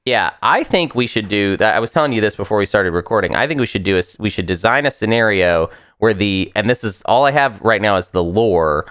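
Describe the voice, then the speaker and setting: A man's voice: on the low side, expressive, fairly quick, few pauses, a bit bright, smooth, no echo, studio quality. A man co-hosting a casual board game podcast, thinking aloud with hesitant, searching phrasing. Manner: hesitant, many fillers and restarts, thinking aloud. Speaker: podcast co-host.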